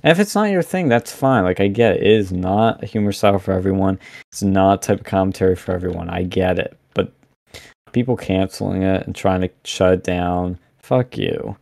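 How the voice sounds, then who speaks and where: A young man talking as a podcast guest, animated and blunt, rambling with lots of fillers over a remote mic. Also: low-pitched, fairly quick, gravelly, dry recording, clean studio sound. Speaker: podcast guest, campus event organizer. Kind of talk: casual podcast interview.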